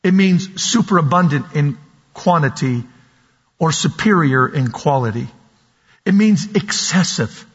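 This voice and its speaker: A man preaching a sermon in a church hall, slow and emphatic, repeating key words. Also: fairly high pitch, expressive, slightly rough. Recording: dull sound with long hall reverb.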